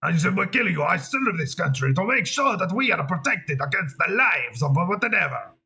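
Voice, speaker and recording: A pompous old male dictator, as a man puts him on, declaiming grandly in a fake foreign accent that keeps turning into gibberish. The voice sits a little higher than a normal speaking voice and stays animated. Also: normal speed, vocal fry, breathy edge, heavily acted.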